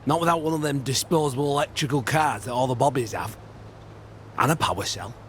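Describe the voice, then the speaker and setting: An actor voicing a bitter outcast trader in a video game, gruff and scoffing. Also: male voice, mid-range voice, fairly quick, a little hiss or hum, close to an everyday voice. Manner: gruff, scoffing, laughs at others. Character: bitter outcast middle-aged man trader.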